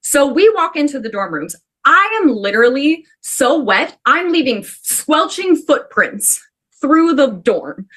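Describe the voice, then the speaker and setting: A woman from the Pacific Northwest telling a personal story to a class in an animated, chatty way, full of "like". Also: high voice, a little slow. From Pacific Northwest, USA. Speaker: student storyteller.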